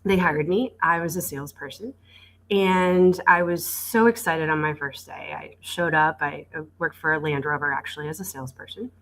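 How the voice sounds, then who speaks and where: A woman in her forties telling her career story in a podcast interview, animated and acting out quoted dialogue, with frequent stammered restarts. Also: sits low, moderate pace, poor audio. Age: 40s. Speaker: guest, dealership executive. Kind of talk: conversational storytelling.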